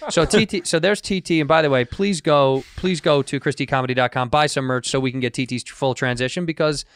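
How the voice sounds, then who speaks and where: A man's voice: medium pitch, a little fast, clear, resonant tone, no echo. A man co-hosting a comedy podcast, telling a story in joking, casual chat and laughing often. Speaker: podcast co-host.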